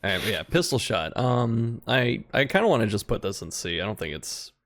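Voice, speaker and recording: A man as a guest in a casual video game discussion, relaxed and laughing easily as he talks. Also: lowish voice, fairly quick. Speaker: guest content creator.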